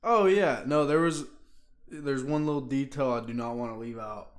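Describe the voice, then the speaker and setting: A man's voice: mid-range voice, normal speed. A young man who is a podcast guest, chatting in a loose, slangy way and swearing freely. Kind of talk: casual chat.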